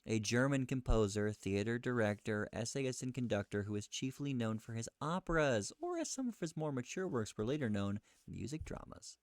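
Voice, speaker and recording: A man thinking aloud as he looks things up, questioning himself and reading search results aloud in a halting, muttering way. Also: medium pitch, expressive, dry recording, studio quality. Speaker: streamer researching live.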